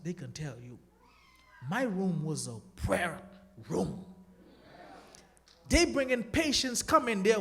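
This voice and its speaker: A man from the Bahamas, telling his testimony to a church congregation and urging them to pray. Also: high-pitched. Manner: animated, preachy exhortation to the congregation. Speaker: guest speaker giving a testimony. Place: church sanctuary. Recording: long church-hall reverb.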